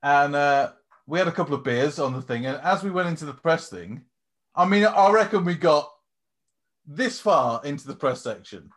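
A man's voice: a little high, animated, moderate pace. A man co-hosting a podcast, telling swearing-laden anecdotes in casual chat and mimicking people with laughter. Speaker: podcast co-host.

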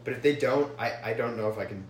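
A young man co-hosting a casual sports podcast, excitable and stumbling over his words. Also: medium pitch, fast talker, reverberant, a little hiss or hum. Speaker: podcast co-host.

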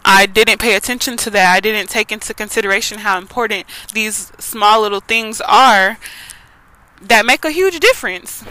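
A woman's voice: medium pitch, bright, forceful tone, rough recording. A young woman hosting a podcast, telling a personal story in an earnest, emotional way, often saying "like" and "y'all". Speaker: podcast host.

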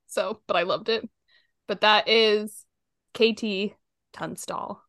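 A young woman talks casually as a co-host, full of enthusiasm and breaking into frequent laughter. Her voice sits in an ordinary middle pitch. The sound is dry and close, with no room around it. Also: fairly even intonation, takes it slowly, fairly bright tone, no echo. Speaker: podcast co-host. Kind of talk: casual chat.

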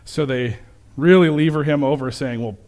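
A man preaching a sermon with slides, conversational and self-correcting, turning animated when he quotes people. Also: fairly high pitch, normal speed. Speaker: pastor.

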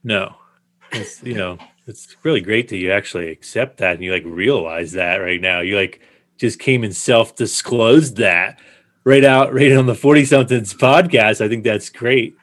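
A man's voice: lowish voice, moderate pace, a bit bright. A man in his forties co-hosting a podcast, responding in a supportive, encouraging way. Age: 40s. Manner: supportive, brief affirmations. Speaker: podcast co-host. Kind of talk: casual podcast chat.

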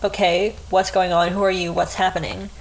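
A woman's voice: lowish voice, little pitch movement, normal speed, natural voice, poor audio. A woman voicing a jittery young man who has just died, asking flustered, rattled questions. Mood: panicked. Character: jittery young man, newly dead and panicking.

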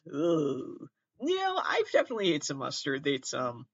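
A man's voice: fairly high pitch, huge pitch swings, moderate pace, vocal fry, husky, no echo, highs cut off. A man with a Midwestern accent hosting his own podcast, reading aloud in a casual comedic way and often breaking into giggles and apologies. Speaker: podcast host.

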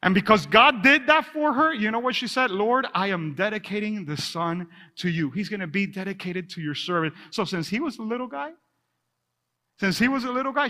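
A man preaching a sermon to his church, animated and reading scripture aloud. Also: high voice, big-room sound. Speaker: pastor. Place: church sanctuary.

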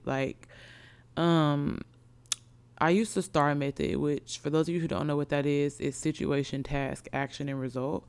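A young woman vlogging to her viewers in a loose, slang-filled, excitable storytelling style. Her voice is smooth and clean, recorded dry and close with no room around it. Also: deep voice, normal speed, dry recording.

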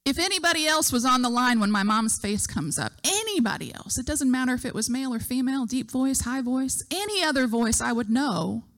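A woman's voice: sits high, animated, a little fast, few pauses, fairly bright tone. A middle-aged woman preaching a sermon, telling a story and acting out the voices she quotes.

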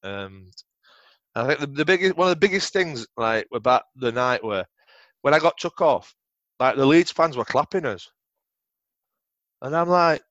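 A man's voice: mid-range voice, animated, normal speed, pauses often, a bit bright, no echo, muffled recording. A middle-aged man with a Yorkshire accent telling rambling, sweary football stories in a casual interview. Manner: swears freely, rambling anecdotes. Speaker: podcast guest, former footballer.

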